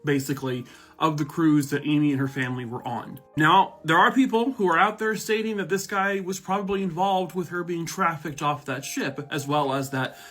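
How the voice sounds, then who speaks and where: A man giving casual true crime vlog commentary, blunt and sarcastic and quick to swear. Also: a little high, fairly even intonation, fairly bright tone, faint music behind. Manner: blunt, sarcastic, profane ranting. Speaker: true crime content creator.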